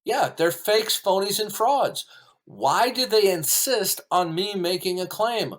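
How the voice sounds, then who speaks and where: A man's voice: high voice, expressive, slow pace. A man arguing combatively on a podcast, indignant and full of rhetorical questions. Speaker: caller recounting a call-in debate. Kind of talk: argumentative podcast talk.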